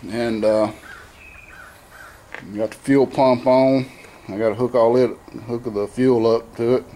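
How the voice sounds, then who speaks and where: Slow, warm, and fairly level in intonation, this mid-range male voice has a little hiss behind it. He's a home mechanic vlogging from his garage shop, casually talking through an engine install in a plainspoken, relaxed way, with many fillers and self-corrections.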